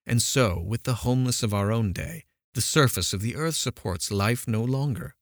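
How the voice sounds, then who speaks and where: A man's voice: mid-range voice, normal speed, no echo, clean studio sound, lightly acted. A man reading an audiobook, voicing a stern, dismissive middle-aged mother who questions coldly. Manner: cold, questioning.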